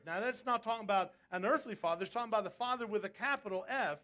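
Guy preaching a sermon, pretty high voice, keeps throwing questions at the crowd. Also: fast, hardly any pauses, a bit bright. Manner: emphatic, rhetorical questions to the congregation. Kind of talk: sermon on prophecy.

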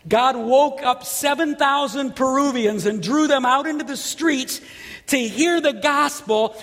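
High-voiced, gravelly preacher man. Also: long reverb tail. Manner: animated, shouts at story peaks. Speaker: pastor. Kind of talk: sermon with storytelling.

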